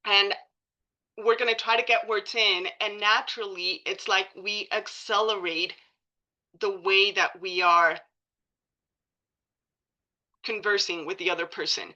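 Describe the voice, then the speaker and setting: Woman trainer at a meeting, bright tone, informal and chatty, muffled room recording. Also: mid-range voice, steady tone, measured pace, pauses often. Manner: casual, many likes and ums, self-correcting. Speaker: presenter at a coalition meeting.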